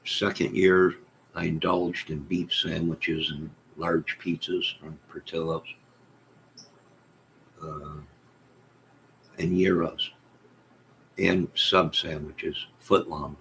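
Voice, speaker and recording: A man with a very deep, low voice talks in an unhurried, drawn-out way. He hosts a casual livestream, rambling through stories and jokey asides as he reads his chat. A faint hiss sits under his voice. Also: level tone, creaky, a bit bright, rough recording. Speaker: livestream host reading chat. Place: at home in bed.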